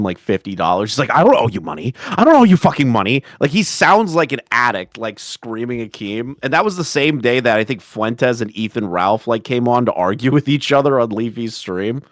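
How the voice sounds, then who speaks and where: A man with a somewhat low voice tells rambling stories on a podcast, swearing freely as he goes. The sound is dry and close. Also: dry recording. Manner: rambling storyteller, swears often. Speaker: podcast co-host. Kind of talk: casual podcast chat.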